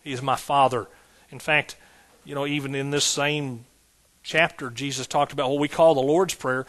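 Folksy preacher, rhythmic repeats. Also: male voice, fairly high pitch, little pitch movement, normal speed, a bit bright. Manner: repetitive preaching cadence, folksy asides. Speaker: pastor. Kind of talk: sermon.

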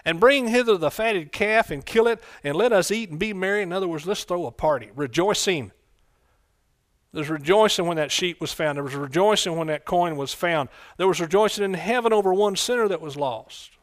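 A man preaching a folksy sermon in church, breaking into loud excited bursts. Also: high voice, fairly quick, no room sound, clean studio sound. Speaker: pastor.

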